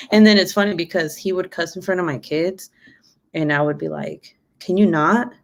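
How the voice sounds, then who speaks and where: A woman's voice: fairly low pitch, moderate pace, creaky. A woman in her twenties chatting casually on her live stream, cussing freely and laughing often. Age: 20s. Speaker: YouTuber.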